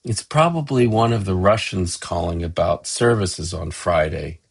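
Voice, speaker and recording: A middle-aged man narrating a gentle, affectionate family story as a tribute to his father. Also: low-pitched, moderate pace, gravelly, breathy edge. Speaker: son telling a family story.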